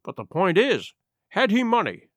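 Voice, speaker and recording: Man doing a shrewd storybook doctor, measured and reasoning, dry close sound. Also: high-pitched, wildly swooping pitch, dry recording, pitched above the performer's own voice, full character voice. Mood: probing. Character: calm, shrewd male country doctor.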